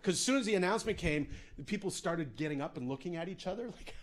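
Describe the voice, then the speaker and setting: A man's voice: high voice, animated, fast talker. A man performing stand-up comedy, telling a self-mocking story with lots of asides.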